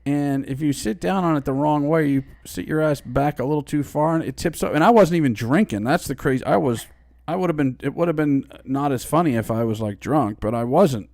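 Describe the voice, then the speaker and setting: A man's voice: fairly high pitch, brisk, a little mellow, no room sound. A middle-aged man co-hosting a casual live stream from home, talking in a laid-back, blunt way with casual swearing.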